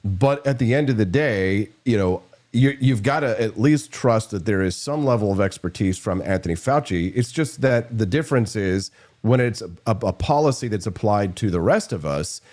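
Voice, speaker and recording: Low-voiced opinionated man talking politics. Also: moderate pace. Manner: opinionated, animated, mocking impressions. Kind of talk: casual political talk.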